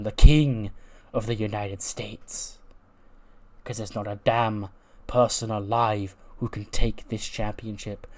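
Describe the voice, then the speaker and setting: A man doing a gloating villain champion. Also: lowish voice. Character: boastful villainous male wrestling champion.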